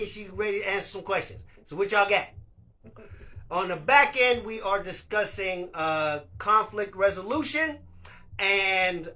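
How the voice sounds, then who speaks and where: A man hosts a casual live stream chat, talking candidly and loosely, laughing often and swearing freely as he speaks of being a leader. His voice is high-pitched, pushed and bright.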